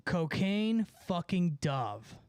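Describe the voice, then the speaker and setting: A young man rambling excitedly to his chat during a casual livestream, profane and full of filler words. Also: high-pitched, drawn-out words, smooth, dry recording. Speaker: musician streaming to chat.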